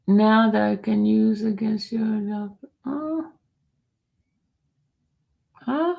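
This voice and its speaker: A woman hosting a livestream in a relaxed, chatty way, teasing her viewers as she answers their comments. Her voice is gravelly and has a lot of fry in it. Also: medium pitch, very slow. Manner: chatty and teasing, talks straight to the chat. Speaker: livestream host. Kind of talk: casual livestream chat, reading viewer comments.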